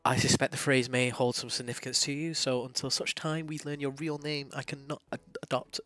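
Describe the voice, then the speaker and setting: A man's voice: mid-range voice, level tone, fairly quick, a bit bright, no echo, pitched above the performer's own voice, natural voice. A man reading as a pompous, eccentric older inspector in a grandiloquent, theatrical way.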